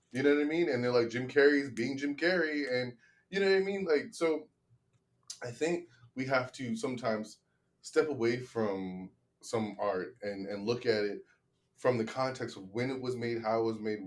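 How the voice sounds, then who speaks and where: A comedian making a rambling, casual case on a podcast, often asking "you know what I mean?". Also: male voice, mid-range voice. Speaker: comedian defending a film.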